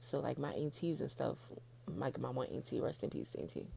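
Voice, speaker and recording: Very gravelly, dark-voiced woman podcaster. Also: very deep voice, moderate pace, a little hiss or hum. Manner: chatty, frank, laughs often, swears casually; heartfelt, gets emotional. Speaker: podcast host. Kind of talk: casual solo podcast chat.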